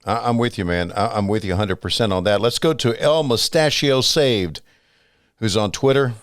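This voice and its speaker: A man's voice: on the low side, moderate pace, clear, resonant tone, no echo, studio quality. A man hosting a podcast, reading a listener question and agreeing with his guest in short casual replies. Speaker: podcast host. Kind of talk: casual interview chat.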